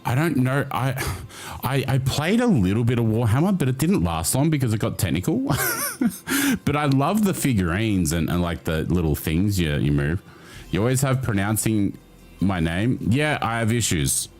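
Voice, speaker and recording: Man, Australian accent, deep voice, animated pitch, casual livestream host, reads chat aloud, swears, laughs a lot. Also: moderate pace, faint music behind.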